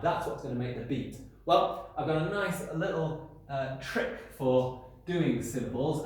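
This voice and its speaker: A male primary school teacher giving a recorded lesson to children at a whiteboard. He talks in an animated, playful way and puts questions to the pupils. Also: fairly high pitch. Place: classroom by a whiteboard. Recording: echoey room.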